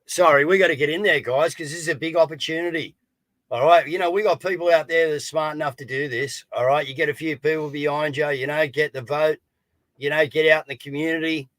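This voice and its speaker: A man's voice: a little high, fairly even intonation, quick pace, a bit bright, dry recording. A man co-hosting a casual online news show, urging his audience with repetitive rallying calls. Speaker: co-host of a live news talk show.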